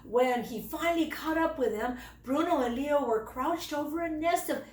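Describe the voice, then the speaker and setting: A woman teacher reading a children's storybook aloud in an expressive, slow storytelling manner. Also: high-pitched, distant mic. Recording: roomy, away from the mic.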